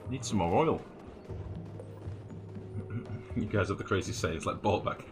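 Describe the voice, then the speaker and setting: A man with a deep, low-pitched voice talks through his game in a casual, thinking-aloud way. He mutters figures to himself and throws in the odd swear word. Game music plays clearly underneath him. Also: lively intonation, slow, pauses often. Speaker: let's play host. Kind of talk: casual gameplay commentary.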